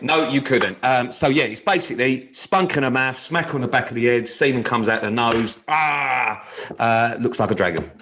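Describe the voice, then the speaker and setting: A man's voice: mid-range voice, moderate pace, fairly bright tone. A man, co-hosting a podcast with cheeky, sweary banter. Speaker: podcast co-host. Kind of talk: casual chat.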